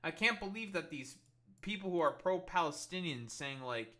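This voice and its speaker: A man's voice: fairly high pitch, expressive, moderate pace, bright, forceful tone. A young man streaming live commentary, swearing a lot and sounding sarcastic and incredulous. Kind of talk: livestream reaction commentary.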